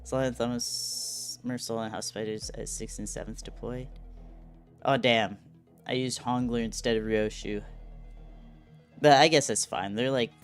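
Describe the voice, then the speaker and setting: A man streaming a game and chatting casually, rambling and joking at his own expense. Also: lowish voice. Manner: rambling, self-deprecating, laughs at himself. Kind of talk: casual gameplay commentary. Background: game music.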